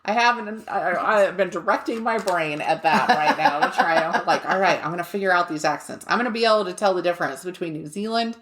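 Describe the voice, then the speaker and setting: A woman's voice: fairly low pitch, fast talker, hardly any pauses, a bit bright. A woman co-hosting a podcast in casual chat, laughing often and swearing now and then. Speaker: podcast co-host.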